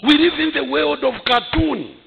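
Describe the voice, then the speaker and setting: A man, preaching a sermon as pastor, breaking into shouted bursts and chuckles. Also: very high-pitched, normal speed, creaky, highs cut off, very noisy. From Zambia.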